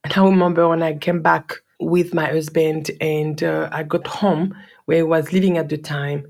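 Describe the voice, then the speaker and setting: Woman, French accent, gravelly low voice, earnest personal storytelling, repeats words for emphasis. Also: level tone, normal speed, darkish tone. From Guadeloupe, French Caribbean.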